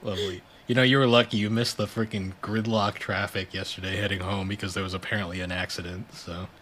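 A man's voice: low voice, level tone, quick pace, fairly bright tone, slight background noise. A young man from New England co-hosting a podcast in casual chat, dry and teasing. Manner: dry, teasing, matter-of-fact. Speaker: podcast co-host.

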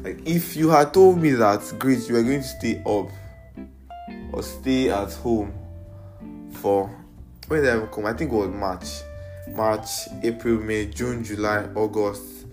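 A man's voice: on the low side, measured pace, over music. A young man with a Nigerian accent hosting a casual solo podcast, playful and rambling, mixing in pidgin slang, recorded on an iPad. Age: young adult. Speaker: podcast host.

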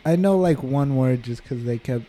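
A young man in casual chat as a podcast co-host, relaxed and slangy. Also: mid-range voice, normal speed. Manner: relaxed, slangy, says dude a lot.

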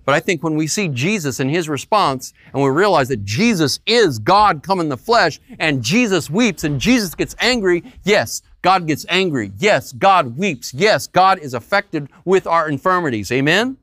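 A man's voice: fairly high pitch, animated, moderate pace, few pauses, fairly bright tone, no echo, clean studio sound. A man preaching a sermon as pastor, acting out quoted voices.

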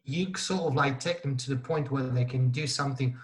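A man from Italy, a guest in a casual podcast chat, speaks in short restarting bursts full of "you know" fillers. His voice is medium-pitched and fairly quick.

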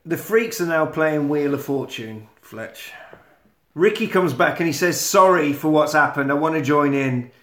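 A man's voice: fairly high pitch, measured pace, roomy sound. A man co-hosting a podcast, casually recapping a film with lots of swearing and acted-out quotes. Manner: swearing, animated storytelling, acting out quotes. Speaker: podcast co-host.

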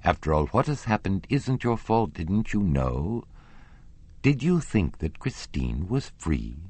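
A man reading an audiobook, voicing a kindly, candid old woman with white hair who chats warmly and laughs easily. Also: deep voice, big pitch swings, a little slow, husky, no room sound, voice pushed up, exaggerated voice. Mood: coaxing. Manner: chatty, laughing, then indignant.

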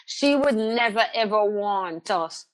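A middle-aged woman, a guest telling personal stories in an interview, animated and repeating words as she restarts sentences. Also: medium pitch, slow. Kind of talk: candid conversational interview.

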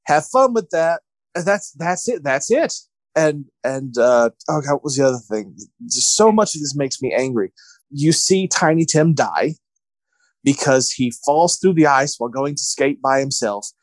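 A man's voice: mid-range voice, expressive, normal speed, dry recording. Ranting man with a dry close sound. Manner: exasperated, ranting retelling with mocking quoted voices. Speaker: podcast co-host. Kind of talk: casual podcast chat.

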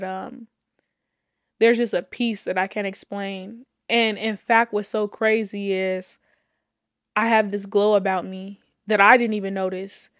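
A woman's voice: medium pitch, fairly bright tone, dry recording, studio quality. Fervent woman sharing her faith testimony. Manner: fervent, repeats phrases, laughs between lines; casual, addresses listeners as y'all. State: holding back tears. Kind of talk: emotional personal testimony.

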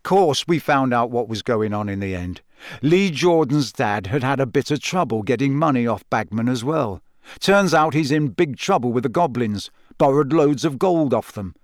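A man's voice: medium pitch, animated, moderate pace, no room sound, natural voice. A man voicing a wry, dry-humored teenage boy prankster.

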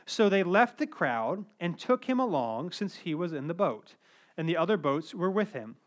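A male pastor preaching a sermon in a conversational, animated way, with asides. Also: high-pitched, moderate pace.

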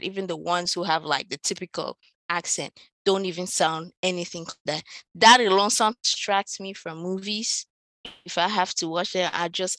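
A woman in a casual group conversation, animated and laughing often. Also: lowish voice, no echo, low-quality recording.

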